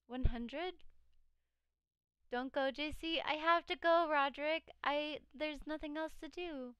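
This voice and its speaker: Tired high-voiced woman streamer. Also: fairly even intonation, slow, sharp tone, no echo. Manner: chatty, reads chat aloud, frequent laughs. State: tired, voice cracking. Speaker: live streamer. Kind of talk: casual live-stream chat.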